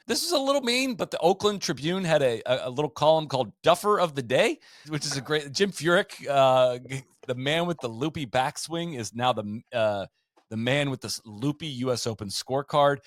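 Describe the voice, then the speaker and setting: A man's voice: medium pitch, dry recording, studio quality. A man hosting a podcast, telling golf history in a casual, storytelling way and reading out quotes and stats. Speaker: podcast host.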